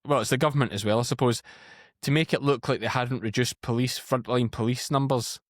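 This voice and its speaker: A man's voice: medium pitch, fairly quick, dry recording. Scottish guy in his 30s, chatty storyteller, dry close mic. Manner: chatty, animated anecdotes. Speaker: podcast guest. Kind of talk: casual storytelling.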